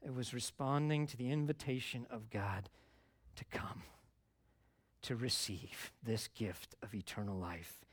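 Brief: middle-aged male pastor, plain mid-pitched voice, casual earnest preaching, close dry sound. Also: fairly even intonation, measured pace, no room sound. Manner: conversational, earnest, rising to emphatic stresses. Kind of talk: sermon.

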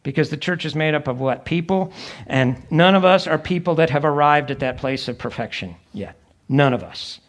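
A man's voice: on the high side, normal speed. A middle-aged male pastor preaching a sermon in a conversational way, acting out the voices of people he quotes.

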